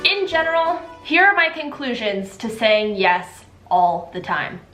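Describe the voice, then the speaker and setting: A woman's voice: a little high, very animated, unhurried. A woman vlogger talking casually to camera in a chatty, upbeat way. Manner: chatty and upbeat, with a few restarts. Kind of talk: casual vlog talk to camera. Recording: echoey room with faint music.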